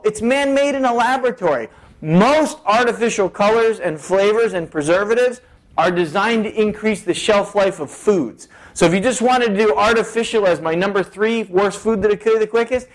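A man with a high voice talks to the camera about health. He works as a chiropractor and speaks in an energetic, joking way. He leans hard on his key points. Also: low-quality recording. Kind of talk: casual health talk to camera.

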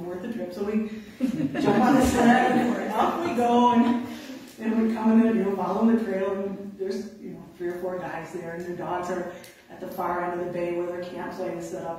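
A woman with an Upper Midwest American accent tells a story in a lively, chatty way, acting out what people said. She sits some distance from the mic, and her voice rings around a very echoey room. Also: medium pitch. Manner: chatty, animated retelling with acted-out quotes. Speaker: conservation officer. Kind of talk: storytelling in an interview.

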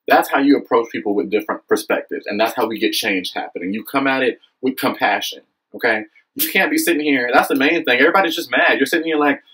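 A young man with a husky, slightly breathy voice speaks straight to the camera in an impassioned vlog. He is earnest and preachy, keeps checking in with the viewer, and his pitch leaps up when he gets worked up. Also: quick pace, rough recording. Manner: earnest, preachy, frequent "okay?" and "you know what I mean?"; animated, swings high when excited. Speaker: vlogger. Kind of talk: impassioned direct-to-camera monologue.

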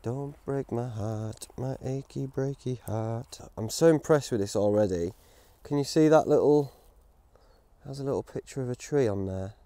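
A man's voice: lowish voice, warm tone, dry recording. A man with a grumbling, rambling and self-mocking manner, chatting casually in the woods as he reviews outdoor gear. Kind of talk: casual vlog chat.

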